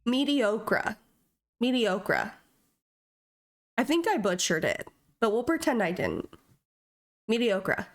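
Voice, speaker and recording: A woman's voice: mid-range voice, big pitch swings, slow, pauses often. A young woman streaming a video game, chatting casually in a playful, self-mocking way. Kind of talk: casual live-stream chat.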